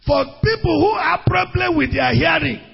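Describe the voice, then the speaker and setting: A man preaching a sermon, calling out to his congregation, rising into sing-song shouts. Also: very high voice, expressive, normal speed, vocal fry. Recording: muffled hall recording with long reverb.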